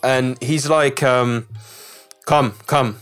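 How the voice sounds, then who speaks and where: A young man from the Czech Republic, telling a story in loose, swearing, animated casual chat on a podcast. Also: mid-range voice, extremely slow, clear, resonant tone, faint music behind. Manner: swearing, animated storyteller doing character voices.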